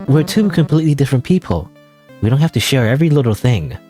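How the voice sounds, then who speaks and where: A man's voice: medium pitch, big pitch swings, quick pace, mellow, soft background music, voice pushed up, close to an everyday voice. A man reading game dialogue aloud as a young girlfriend who is defensive and weary and wants space. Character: young woman, guarded girlfriend wanting space.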